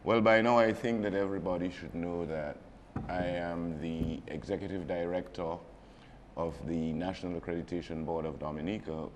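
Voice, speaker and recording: A man who is an executive director, speaking formally and deliberately as a guest on a broadcast panel. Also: deep voice, a little mellow. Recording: noisy roomy hall.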